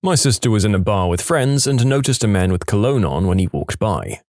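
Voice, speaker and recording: A man narrating funny reddit stories in an expressive, storytelling way. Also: lowish voice, a little fast, no room sound, clean studio sound.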